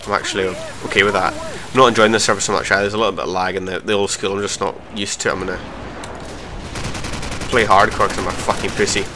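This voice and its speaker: A young man giving live commentary over his own gameplay, swearing and mocking himself between sudden excited outbursts. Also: on the low side, fast talker, noisy background. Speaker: gaming commentator.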